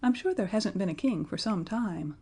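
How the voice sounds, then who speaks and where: A woman's voice: medium pitch, expressive, normal speed, dark tone, slightly rough. A woman voicing a polite, eager little boy who has just been made king, asking one question after another in a storybook reading.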